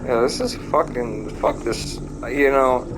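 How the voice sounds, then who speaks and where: A man's voice: mid-range voice, unhurried. Profane rambling man over clicking noise. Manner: profane, rambling, full of fillers. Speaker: gamer. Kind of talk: casual gameplay commentary.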